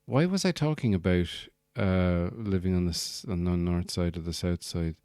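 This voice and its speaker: A man's voice: deep voice, moderate pace, a little mellow, clear, resonant tone, dry recording, clean studio sound. An Irish man hosting a podcast, rambling through a jokey comic monologue and slipping into put-on accents. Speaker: podcast host and stand-up comedian. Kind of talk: casual comedic monologue.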